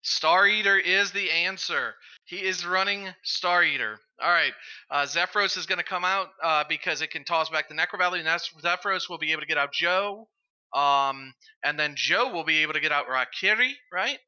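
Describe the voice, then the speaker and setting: A man casting a card game match, calling the plays in quick bursts that build to big moments. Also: fairly high pitch, pushed and bright, clean tone, muffled recording. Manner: rapid play-by-play, builds up to big calls. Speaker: esports caster. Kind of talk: excited game commentary.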